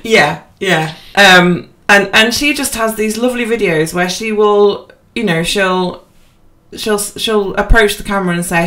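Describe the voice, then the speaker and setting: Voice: mid-range voice, lively intonation, normal speed, hardly any pauses, bright, forceful tone. Casual rambling co-host, filler-heavy, unpolished podcast chat. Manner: rambling, self-deprecating, with many fillers and restarts.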